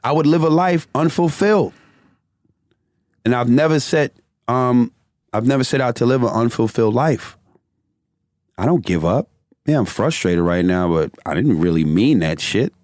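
A man's voice: medium pitch, expressive, moderate pace, pauses often, a little mellow, dry recording, clean studio sound. A middle-aged man telling his story in casual, profane conversation and laughing often as he talks.

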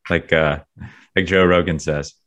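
A man's voice: rumbling low, steady tone, a little slow, fairly bright tone. A man co-hosting a podcast in casual chat, rambling with many fillers. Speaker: podcast co-host.

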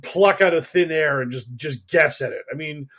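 A man co-hosting a casual podcast, rambling with plenty of fillers and amused disbelief. His voice sits somewhat high for a man. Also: moderate pace, a bit bright. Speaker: podcast co-host. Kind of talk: casual banter.

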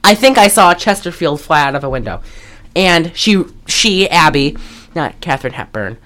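A woman co-hosting a podcast, recapping a movie in casual chat, animated and profane, with lots of fillers and laughter. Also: low voice, moderate pace. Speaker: podcast co-host.

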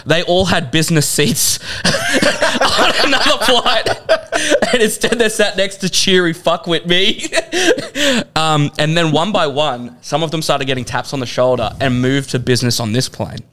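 Male co-host, slightly high bright voice, animated comic storyteller. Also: a little slow. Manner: animated, laughs through his stories, swears freely. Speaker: podcast co-host.

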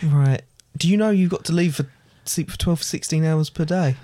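A man's voice: a little high, moderate pace, warm tone, no room sound, clean studio sound. A man playfully interviewing a pet cat in an improvised comedy sketch, chuckling often and hesitating with fillers.

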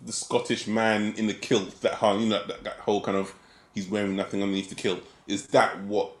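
A man's voice: on the low side, flat delivery, brisk, echoey room. A young London man co-hosting a podcast, chatting casually in a laid-back, joking way. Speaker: podcast co-host. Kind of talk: casual chat.

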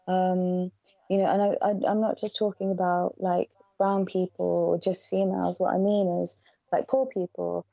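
A woman's voice: fairly low pitch, little pitch movement, moderate pace, gravelly, dark tone, no room sound. A woman talking as a podcast guest, blunt and swearing freely, often laughing. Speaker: podcast guest, charity worker. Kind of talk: casual podcast conversation. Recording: slightly dull podcast audio.

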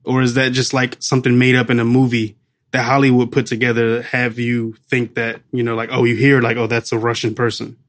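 A man's voice: medium pitch, monotone, brisk. A man co-hosting a casual movie review podcast, chatty, laughing often and trailing off while he searches for names. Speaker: podcast co-host.

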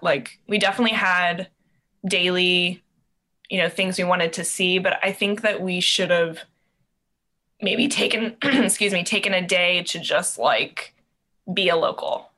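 Bright-voiced young woman giving advice. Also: lowish voice, normal speed. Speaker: podcast guest.

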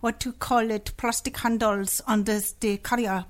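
A woman's voice: on the high side, steady tone, normal speed, close to an everyday voice. Woman putting on a stern Indian-accented complaints officer. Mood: officious. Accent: put-on Indian accent. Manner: stern, bureaucratic, full of hesitations. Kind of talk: prank phone call.

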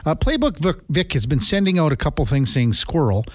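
A middle-aged man with a slightly high voice hosts a sports talk radio show, speaking fairly quickly and casually. He rambles into long anecdotes and gets animated telling them. The sound is dry and close, with no echo, recorded on a studio microphone.

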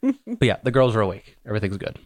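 A man's voice: fairly low pitch, huge pitch swings, fast talker, no echo. A middle-aged man running a tabletop game as game master, joking, profane and laughing often.

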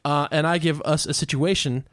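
Podcast host guy, slightly high voice, dry mic, hypes his buddy up. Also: fairly even intonation, moderate pace, fairly bright tone, no echo. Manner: enthusiastic, hyping his co-host, playful ranting. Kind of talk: casual comedic banter.

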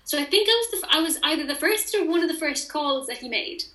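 Young woman, guest in a chat, lively storyteller, crisp bright tone. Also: sits high, quick pace, reverberant, rough recording. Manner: animated storyteller who acts out quoted dialogue. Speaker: interview guest. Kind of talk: casual chat.

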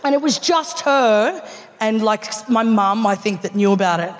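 A woman's voice: medium pitch, expressive, moderate pace. Australian woman comic, live theatre stage, long reverb, faint hiss behind. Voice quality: laughs through lines, swears casually. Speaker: stand-up comedian. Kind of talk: live stand-up storytelling.

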